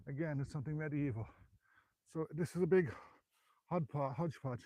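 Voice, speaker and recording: A man's voice: on the high side, brisk, long pauses, mellow, no echo. An out-of-breath Irish man giving a chatty, rambling live history tour outdoors, filming on a handheld phone as he climbs. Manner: chatty, rambling, self-correcting. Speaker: local history guide. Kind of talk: live walking history vlog. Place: outdoors on a hillside graveyard. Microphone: handheld phone while climbing.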